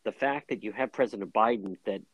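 A man hosting a talk radio show, interviewing a guest in an animated, quick-talking way. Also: on the low side, dry recording, low-quality recording.

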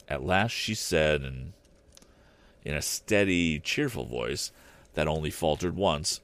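A man narrating a classic story aloud in an expressive, deliberate reading style. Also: rumbling low, dry recording. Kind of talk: audiobook narration.

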